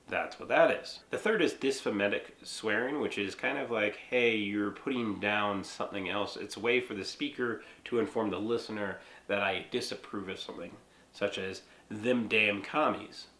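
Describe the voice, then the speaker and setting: A young man from the United States explaining a topic in a casual, lively monologue, swearing freely and leaning on "like" and "right?". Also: fairly low pitch, normal speed. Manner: lively, profane, frequent "like" and "right?". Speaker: vlogger. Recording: echoey room.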